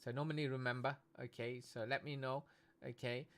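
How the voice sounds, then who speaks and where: A man's voice: medium pitch, level tone, fairly quick, a bit bright. A man from Britain hosting a casual live stream, chatty and tagging "okay?" onto nearly every phrase. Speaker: livestream host and esports commentator.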